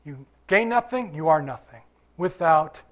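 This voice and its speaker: A man's voice: on the high side, animated, unhurried, a bit bright, muffled recording. An older man preaching a sermon to his congregation, conversational, asking questions and waiting for answers, recovering from illness. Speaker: pastor.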